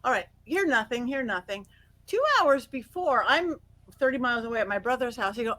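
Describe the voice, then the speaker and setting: A middle-aged woman guest on an interview, telling stories in an animated way, acting out quotes and laughing often. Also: fairly high pitch, moderate pace, low-quality recording. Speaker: guest psychic medium. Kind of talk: casual interview storytelling.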